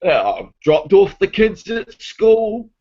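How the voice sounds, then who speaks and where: A man's voice: high voice, big pitch swings, takes it slowly, slightly rough. A man telling a long story in a ranting, argumentative way, swearing heavily. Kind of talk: casual storytelling. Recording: dull lo-fi recording.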